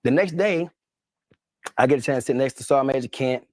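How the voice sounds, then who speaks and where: A man rattles off a story at a rapid clip, excitable and profane. He is a former Marine drill instructor, talking in loose, slangy street speech. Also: medium pitch, no room sound, studio quality. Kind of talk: animated storytelling.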